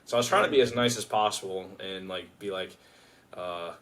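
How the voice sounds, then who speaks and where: A man's voice: deep voice, brisk, a bit bright. A young man co-hosting a podcast, rambling through a story in casual chat and trailing off. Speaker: podcast co-host.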